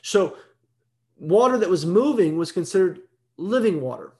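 Guy teaching bible stuff, high voice, bounces all over, keeps going "right?". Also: expressive, moderate pace, darkish tone. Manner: conversational, explains step by step, keeps asking "right?".

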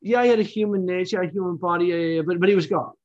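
A man with a slightly high voice teaches a Bible study, talking through a passage in a loose, conversational way. He restarts phrases and checks in with the listeners. The recording sounds dull and lo-fi. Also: rapid-fire, darkish tone. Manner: explains in an unscripted, conversational way, with restarts and "right?".

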